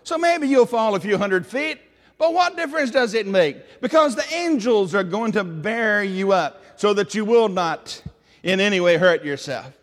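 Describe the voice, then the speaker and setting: A man's voice: sits high, expressive, normal speed, long reverb tail. A man with a Tennessee Southern accent preaching a sermon in an earnest, conversational way, often putting questions to his listeners.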